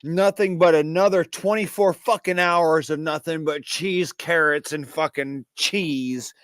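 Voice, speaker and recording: A man chatting casually on a livestream, telling profane, animated stories. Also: fairly high pitch, measured pace, no room sound. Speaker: co-host. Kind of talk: casual chat.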